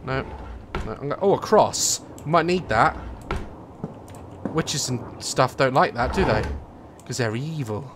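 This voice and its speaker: A man's voice: medium pitch, expressive, measured pace, pauses often, noisy background. A young man commentating a horror game, joking nervously and breaking into sudden screams. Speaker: gaming YouTuber.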